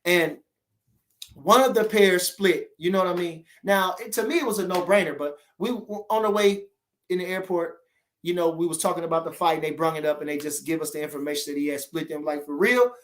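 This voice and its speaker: Rambling, animated man chatting to viewers. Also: a little high, brisk. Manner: rambling, animated, keeps asking "you understand?". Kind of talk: casual livestream chat with viewers.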